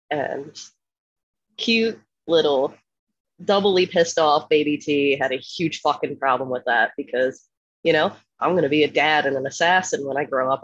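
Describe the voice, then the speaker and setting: A woman from Philadelphia telling a profane, animated story in casual podcast chat, laughing often. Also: sits low, highs cut off. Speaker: podcast co-host.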